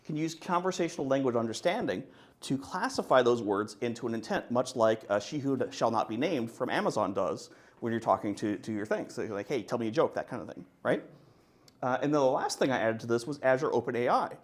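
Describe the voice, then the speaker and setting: A man giving a conference talk, joking and animated as he presents. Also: mid-range voice, brisk. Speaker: conference speaker.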